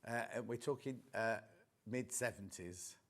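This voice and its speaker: A man's voice: lowish voice, a little slow. A man, presenting live on a TV shopping channel in a chatty, storytelling way. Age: 60s. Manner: chatty, anecdotal, animated storyteller. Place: TV studio.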